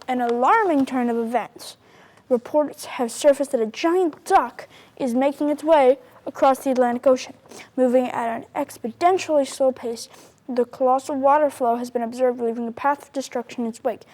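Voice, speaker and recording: Young man playing a flustered news anchor. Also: very high-pitched. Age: young adult. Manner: reads stiffly, keeps telling the guest to calm down. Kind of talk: student comedy news skit.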